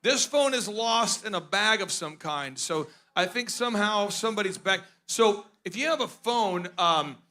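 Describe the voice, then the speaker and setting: A man hosting a conference, joking and rambling in animated comedic stage banter. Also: high voice, normal speed, few pauses. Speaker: conference host.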